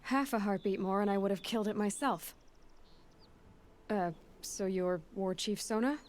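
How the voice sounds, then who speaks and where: A woman's voice: medium pitch, moderate pace, a little mellow, lightly acted. An actress playing a young woman hunter in a video game, blunt and confident.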